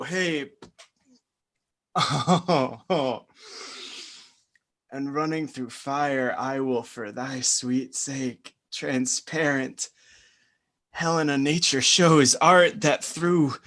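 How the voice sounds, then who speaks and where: Lysander, a man playing an ardent young lover. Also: medium pitch. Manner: impassioned, swings between soft and loud. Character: young lovesick male nobleman. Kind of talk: Shakespeare stage reading over video call.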